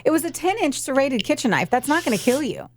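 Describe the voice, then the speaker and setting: A woman's voice: high voice, sing-song, fast talker. Profane, emphatic woman telling a crime story. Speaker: podcast co-host. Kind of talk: casual true-crime chat.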